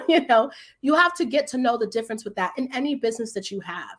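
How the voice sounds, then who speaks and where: A woman's voice: fairly high pitch, a little fast. Chatty woman coach on a livestream. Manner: animated, chatty, laughs often, talks to viewers in the comments. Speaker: business coach hosting a live stream. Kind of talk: casual live-stream talk.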